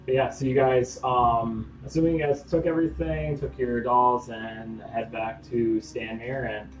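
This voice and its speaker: A man's voice: mid-range voice, fairly even intonation, unhurried, roomy sound, soft background music, poor audio. A man as game master narrating a tabletop game in a casual, rambling way. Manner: casual, filler-heavy narration.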